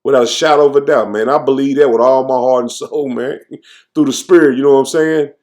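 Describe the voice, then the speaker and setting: A man's voice: mid-range voice, fairly even intonation, a little mellow. Fervent man preaching, repeating "man". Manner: ends almost every phrase with "man", fervent and insistent; reads verses slowly, then comments freely. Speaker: scripture teacher. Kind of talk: informal preaching with scripture reading.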